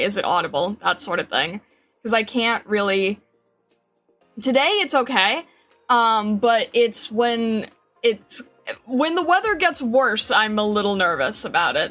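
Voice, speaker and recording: Speaking into a desk mic with a noise filter in her home streaming room, where a fan runs, a woman chats casually with her live chat. Her voice is medium-pitched and a bit bright, and she's bubbly and giggly, greeting viewers by name.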